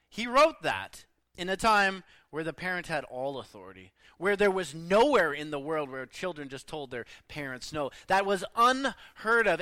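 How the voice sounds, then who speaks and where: A middle-aged man preaching a sermon in an earnest, emphatic way, pausing often and letting his endings trail off softly. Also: a little high, dry recording.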